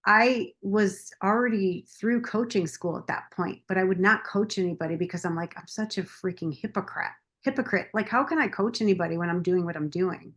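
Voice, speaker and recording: A woman's voice: mid-range voice, fairly quick, few pauses, fairly bright tone. A woman podcast guest and coach telling a candid personal story, open and confessional, often quoting her past self.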